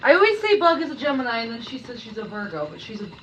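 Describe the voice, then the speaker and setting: Lively woman chatting while she cooks. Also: a little high, fast, slight background noise. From Canada. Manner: chatty, teasing viewers, scolding playfully. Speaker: live streamer. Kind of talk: casual live-stream chat while cooking.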